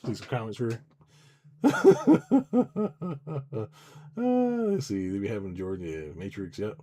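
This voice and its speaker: Brief: middle-aged man, low-ish voice, loose profane livestream rambling, acts out dialogue. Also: huge pitch swings, unhurried, warm tone. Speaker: business coach. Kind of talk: casual livestream chat.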